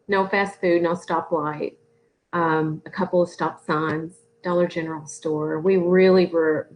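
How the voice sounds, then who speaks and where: A woman's voice: lowish voice, darkish tone, a little hiss or hum, poor audio. A woman from Northwest Tennessee with a Southern accent, answering interview questions as a guest author on a video call in a friendly, easygoing way. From Northwest Tennessee, USA.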